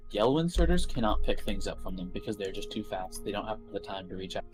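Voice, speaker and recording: A man's voice: lowish voice, animated, quick pace, a little mellow, soft background music. A young man chatting with a friend, explaining game mechanics with some hesitation. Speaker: friend on stream. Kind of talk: casual gaming chat.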